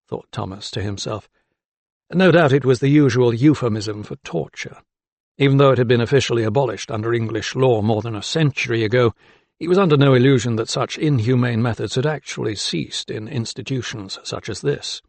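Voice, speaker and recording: Gravelly male audiobook narrator. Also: medium pitch, no room sound. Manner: even, measured storytelling. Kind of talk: scripted narration. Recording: dry close studio sound.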